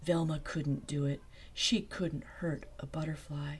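A woman softly narrating a bedtime story, hushed and dreamy, sometimes dropping to a whisper. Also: low-pitched, level tone, unhurried, slightly rough.

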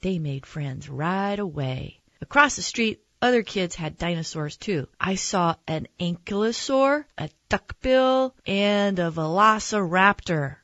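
A woman reading a children's picture book aloud in a gentle, expressive storytelling manner. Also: on the low side, a little slow, hardly any pauses, no room sound, dull audio. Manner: gentle, expressive read-aloud with character voices.

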